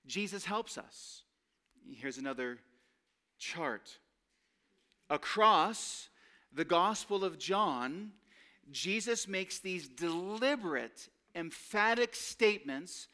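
A man preaching a sermon with earnest emphasis, lifting his voice on key phrases and dropping lower and slower to quote scripture. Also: animated, bright, forceful tone. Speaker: pastor.

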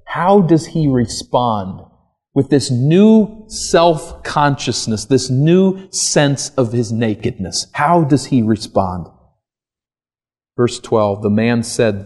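Male preacher, mid-pitched, sermon delivery that climbs to emphatic peaks. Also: lively intonation, slow pace, a little mellow. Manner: rhetorical questions, rising to emphatic peaks.

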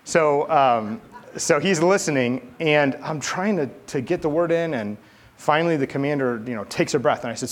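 A middle-aged man preaching a sermon from the United States, talking in a relaxed, conversational way and telling a personal story with lively delivery. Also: normal speed. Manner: conversational, animated storytelling with rising pitch in quoted dialogue. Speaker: pastor.

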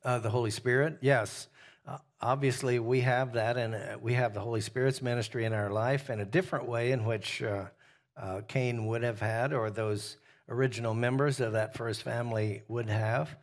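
A man's voice: mid-range voice, fairly even intonation, moderate pace. Man teaching scripture to a small group. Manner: asks the group questions, frequent "uh" fillers. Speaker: pastor teaching a Bible study. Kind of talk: conversational Bible teaching.

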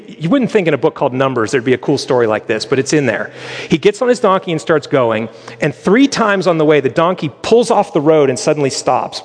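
A man's voice: on the high side, in a large hall. Man preaching with a conversational, joking delivery. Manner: conversational storytelling with humorous asides. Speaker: pastor. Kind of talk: sermon.

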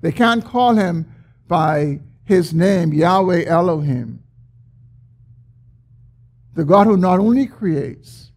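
A man preaching a sermon, explaining a scripture passage with emphatic, drawn-out stresses. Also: high-pitched, expressive, darkish tone. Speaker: pastor.

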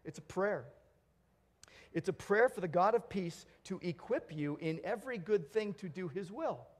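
A pastor delivers an earnest sermon in a notably high-pitched male voice. He moves between emphatic, raised declarations and hushed, low asides to his congregation. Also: lively intonation, normal speed.

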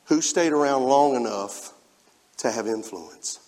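A male preacher delivers a sermon in a church sanctuary, and his voice rings out with a long hall reverb. He sits at an ordinary middle pitch and swings from forceful exhortation to hushed reading. He keeps turning to the congregation with quick asides. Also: lively intonation. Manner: emphatic, rising and falling in loudness, with spoken asides to the congregation.

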